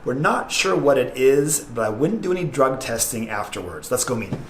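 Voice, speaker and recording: A man's voice: medium pitch, sing-song, moderate pace, a little hiss or hum. A man hosting a comedic campus introduction video, narrating in a playful mock-serious way. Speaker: host.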